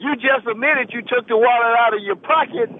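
A man's voice: very high-pitched, a little fast, voice pushed up. A man voicing a blunt, scornful male caller with a Louisiana accent. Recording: tinny phone line.

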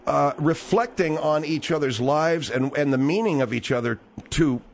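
A man's voice: a little high, normal speed, creaky, a little hiss or hum. A man hosting a comedy radio talk show, hesitant and soothing, often stammering over his words.

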